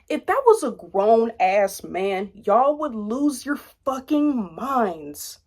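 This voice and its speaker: A woman in her twenties ranting casually to camera, blunt and profane, jumping between loud outbursts and low asides. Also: expressive, a little slow. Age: 20s. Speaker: vlogger commenting on reality TV.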